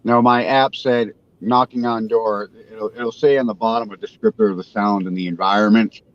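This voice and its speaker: A man in his forties hosting a casual live panel, talking haltingly and poking fun at himself. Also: fairly low pitch, steady tone, muffled recording. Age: 40s. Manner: halting, self-deprecating, restarts often. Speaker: show host.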